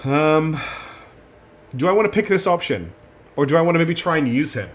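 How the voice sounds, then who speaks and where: A man with a fairly high, animated voice keeps a moderate pace as he streams a video game. He chats casually and reads the dialogue aloud, hesitating with frequent ums, restarts and apologetic asides.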